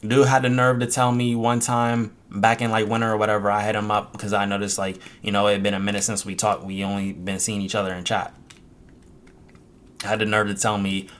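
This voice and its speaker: A man's voice: lowish voice, flat delivery, brisk, fairly bright tone, a little hiss or hum. A young man, a streamer, venting angrily and profanely about his chat, mocking them in quoted voices. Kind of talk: frustrated vent to camera.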